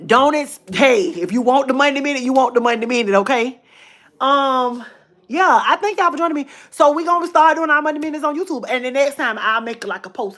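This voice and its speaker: A woman hosting her own livestream, telling a personal story in a lively, casual way, repeating phrases for emphasis. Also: high voice, a little fast. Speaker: livestream host.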